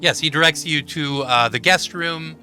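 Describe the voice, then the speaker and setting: A man narrating a tabletop game as game master, relaxed and laughing often. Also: fairly high pitch, normal speed, faint music behind.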